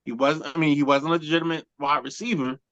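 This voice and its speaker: A man's voice: on the high side, fairly even intonation, fast talker, fairly bright tone, muffled recording. A man co-hosting a sports talk show, arguing heatedly and cutting in with "hold on.". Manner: interrupts, repeats "hold on".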